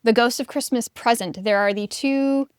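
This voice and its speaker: A woman co-hosting a casual book podcast, talking things through in a chatty, reflective way. Her voice is smooth and clear and sits a little high. The sound is dry and close, with no room around it. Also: normal speed, no echo. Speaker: podcast co-host.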